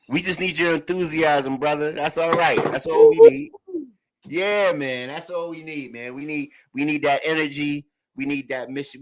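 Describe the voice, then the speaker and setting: A man's voice: on the high side, fairly bright tone. A man hosting a casual livestream sports talk show, enthusiastic and encouraging toward his guest. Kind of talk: casual chat.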